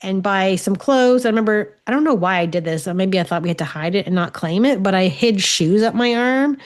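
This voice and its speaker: A woman's voice: medium pitch, animated, brisk. A woman in her forties hosting a podcast as a spiritual medium. She tells stories in a chatty, casual way and swears freely. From Ontario, Canada. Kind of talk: casual solo podcast chat.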